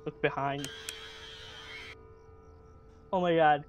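A woman's voice: sits low, steady tone, extremely slow, muffled recording, over music. A woman commentating a horror game she is playing, jumpy, screaming and swearing when startled. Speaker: let's play gamer.

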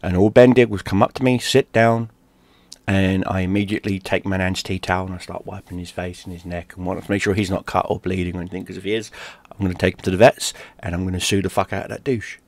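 A gaming streamer from London, speaking in a low voice, tells a personal story. He is animated and profane, and he acts out the shouted lines as he goes. The sound is dry and close, with no room echo. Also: fast. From London, England.

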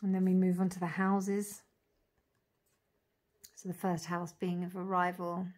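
A woman walking through an oracle deck card by card, calling out each name and meaning with soft, gushing admiration. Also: fairly low pitch, level tone, unhurried. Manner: dreamy, admiring, lingers on single words; soft laughs and gushing asides. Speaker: tarot reader reviewing an oracle deck. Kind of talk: casual unboxing walk-through.

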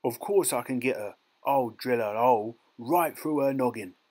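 A man's voice: mid-range voice, normal speed, darkish tone, lightly acted. A man voicing a cruel, sneering teenage boy who bullies a smaller boy, in an audiobook reading. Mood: boastful, sneering. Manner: sneering, taunting.

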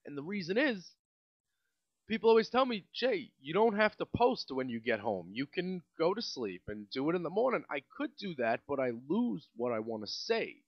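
A man's voice: on the high side, sing-song, normal speed, no echo, muffled recording. A young man with a New York accent, hosting a casual solo podcast and ranting in a rambling, exasperated way with many restarts. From Staten Island, New York. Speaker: podcast host.

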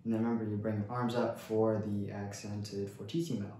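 A man talks through a snare drum lesson in a relaxed, casual way, counting rhythms aloud as he goes. His voice sits in a very echoey room, with faint noise underneath. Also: lowish voice, fairly quick. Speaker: percussion instructor.

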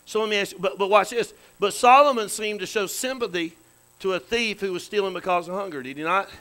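A man preaching in a church, his voice pitched high and ringing bright. He keeps it folksy, tossing questions and amens to the congregation. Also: fairly quick, rough recording. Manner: folksy, calls to the congregation with frequent "amen" and questions. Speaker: pastor. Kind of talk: sermon. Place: church sanctuary.

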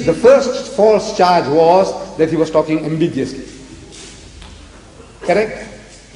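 An older man from South Africa giving a religious debate lecture, animated, often acting out the dialogue he quotes. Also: a little high. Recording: echoey hall with faint noise.

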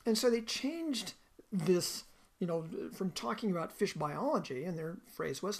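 A woman's voice: lowish voice, lively intonation, unhurried. A woman giving a recorded lecture in a conversational way, often asking the listener questions.

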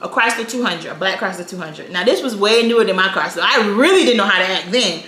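A chatty woman in her thirties from South Florida tells a personal story in a casual, animated way. Her voice is bright and clear. The room is echoey, with a faint hiss behind her. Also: medium pitch, fast talker, few pauses. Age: 30s. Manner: chatty, animated, uses "you know" a lot. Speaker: storytime vlogger.

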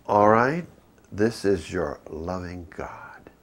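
A man voicing God as a quiet, calm voice from above, in a whisper. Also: sits low, slow pace, voice pushed down, full character voice. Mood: soothing. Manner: hushed whisper.

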